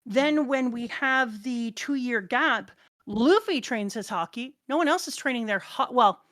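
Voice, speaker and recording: A woman's voice: on the high side, animated, measured pace, fairly bright tone, no echo, studio quality. A woman co-hosting a casual fan chat, talking thoughtfully and speculating. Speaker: podcast co-host.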